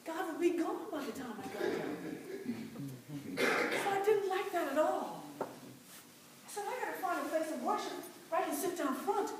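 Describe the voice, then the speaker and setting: A woman's voice: very high-pitched, sing-song, normal speed, pauses often, background noise. A woman playing a fervent former slave mother. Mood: impassioned. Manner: impassioned, with many cries of "oh". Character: devout formerly enslaved mother, fierce and determined. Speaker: church dramatic performer. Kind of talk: first-person dramatic monologue. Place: large church sanctuary. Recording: very echoey church, mic far off.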